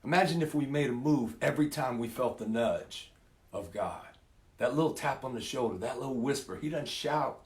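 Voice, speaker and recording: A male preacher tells a Bible story in a relaxed, folksy manner and acts out the voices of the people in it. His voice sits at a middle pitch and carries some room echo. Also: moderate pace. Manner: folksy, says "man" and "y'all". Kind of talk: casual sermon with scripture reading.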